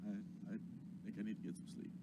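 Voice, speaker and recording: A man speaking in character as a player in a tabletop game, measured and weary. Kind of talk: in-character tabletop role-play. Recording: noticeable background hiss.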